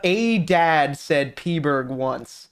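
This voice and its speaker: Talking extremely slowly, this man has a fairly high voice with a clear, resonant tone. He's a Californian streamer going through viewer messages in casual chat, animated and swearing, rambling with many restarts.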